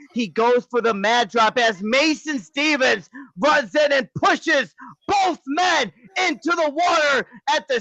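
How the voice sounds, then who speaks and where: A man calling wrestling play-by-play in a relaxed, slangy, joking way. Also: very high voice, no echo. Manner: laid-back, slangy, joking. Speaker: wrestling commentator and host. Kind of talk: reading wrestling play-by-play, casual banter.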